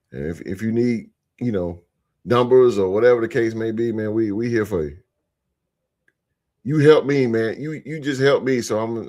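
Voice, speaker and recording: Laid-back man hosting a sports podcast. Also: fairly low pitch. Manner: laid-back, repeats phrases, shouts out chat members. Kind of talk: casual live-stream chat.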